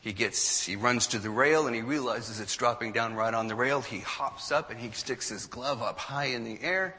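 Male storyteller, mid pitch, animated delivery, bright tone, reverberant hall. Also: moderate pace. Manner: animated storyteller, acts out quotes. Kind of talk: storytelling talk to an audience.

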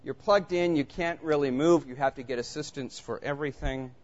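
A man preaching a sermon, telling a personal story in an animated, conversational way before turning to scripture. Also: fairly high pitch, a little fast. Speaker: pastor. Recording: muffled lo-fi recording.

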